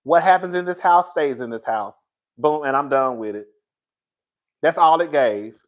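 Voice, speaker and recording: Animated, laughing male pop culture commentator. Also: fairly high pitch, moderate pace. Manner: animated, slangy, often laughing and riffing. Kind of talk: casual commentary to viewers.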